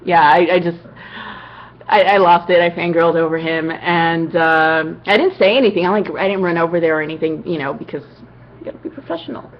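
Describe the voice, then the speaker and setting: Chatty upbeat woman, slightly low voice. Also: fairly quick, lo-fi sound. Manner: chatty and upbeat, many "you know" asides. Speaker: cosplayer answering fan questions. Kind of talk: casual vlog Q&A.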